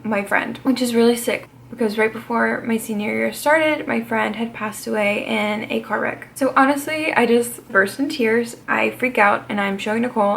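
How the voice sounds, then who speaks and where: Gravelly-voiced young woman telling a story. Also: a little high, a bit bright, a little hiss or hum. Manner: chatty, swears freely and laughs between lines. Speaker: vlogger. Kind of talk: casual storytime vlog.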